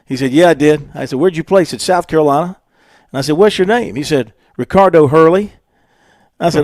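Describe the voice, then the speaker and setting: A man's voice: on the high side, fairly quick, no room sound. Man hosting a dry studio radio show. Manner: relaxed, easygoing host who runs the show segments. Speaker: radio sports show host. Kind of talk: casual radio sports talk.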